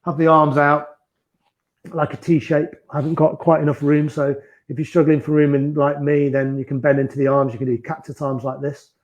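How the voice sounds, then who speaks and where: A fairly high-voiced man guides a beginners yoga class with soft, encouraging cues. He talks students through each stretch patiently, step by step. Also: little pitch movement, brisk. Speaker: yoga instructor.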